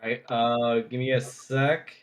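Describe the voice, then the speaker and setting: A man narrating as game master of a tabletop game, speaking haltingly with many restarts. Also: mid-range voice, little pitch movement, a little hiss or hum. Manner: halting, full of fillers and restarts.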